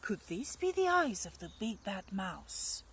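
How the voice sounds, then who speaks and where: A woman teacher reads a rhyming picture book aloud at a gentle, slow pace. Her voice rises and falls expressively, keeping a steady storytelling rhythm. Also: medium pitch, a little hiss or hum.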